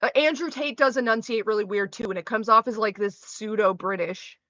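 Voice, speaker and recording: Bright-voiced young woman, rambling streamer chat. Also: fairly high pitch, a little fast, no echo. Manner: rambling, swears freely, trails off mid-sentence. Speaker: livestreamer reading chat. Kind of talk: casual chat with a live audience. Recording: slightly dull lo-fi mic.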